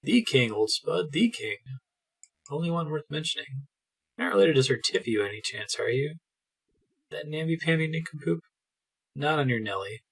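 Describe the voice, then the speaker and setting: A man's voice: fairly high pitch, lively intonation, brisk, long pauses, a bit bright, husky, exaggerated voice. A man voicing a pompous, posh, old-fashioned male dwarf with plummy upper-class speech in a fantasy game. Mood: jolly pompous.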